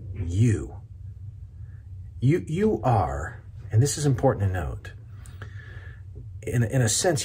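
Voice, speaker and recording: A pastor giving a short devotional sermon to camera, earnest, stressing single words with long pauses. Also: male voice, lowish voice, a little mellow, a little hiss or hum. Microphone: camera video.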